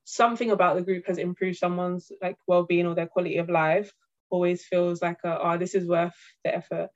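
A woman, a community group organizer talking in a casual podcast chat, animated and peppered with "like". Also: fairly low pitch, fairly quick. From London. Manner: animated, heavy use of "like". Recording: muffled lo-fi sound.

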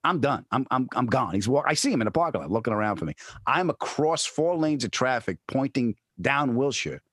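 Comedian guest, male, husky, lively storyteller with big pitch swings, dry close sound. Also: brisk, no echo. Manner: acts out friends' voices, shouting in high pitch. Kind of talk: animated storytelling in casual chat.

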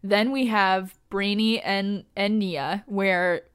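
Excited gushing woman recapping episodes. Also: medium pitch, takes it slowly, clear, resonant tone. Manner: excited, gushing, lots of fillers and laughter. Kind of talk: casual fan recap monologue.

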